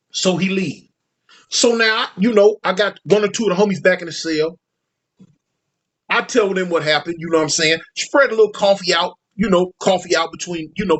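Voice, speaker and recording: Slangy high-voiced man telling a story. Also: breathy edge. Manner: slangy, animated, acts out quoted voices. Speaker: storyteller recounting prison life. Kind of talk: casual storytelling monologue.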